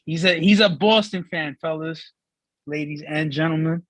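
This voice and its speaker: A man co-hosting a sports talk show, teasing his partner with animated trash talk. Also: fairly high pitch, moderate pace, no echo, rough recording. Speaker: co-host.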